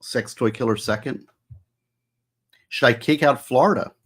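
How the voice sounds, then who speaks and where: Casting: man, husky-voiced livestream host, chatty and thinking aloud, mid pitch. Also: measured pace. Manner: musing aloud, asking chat for opinions. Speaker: author hosting a livestream. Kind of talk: casual livestream chat with viewers.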